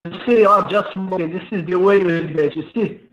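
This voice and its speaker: A man's voice: high voice, brisk, fairly bright tone. A man calling into a debate, defensive and repeating short phrases. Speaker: caller. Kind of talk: heated debate. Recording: dull lo-fi call line.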